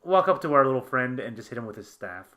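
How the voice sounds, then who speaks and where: A man's voice: medium pitch, big pitch swings, quick pace, fairly bright tone. A man plays in a casual tabletop game session. He jokes along and often hesitates, trailing off into fillers and restarts as he works out his turn. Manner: hesitant, joking, many fillers. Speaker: player.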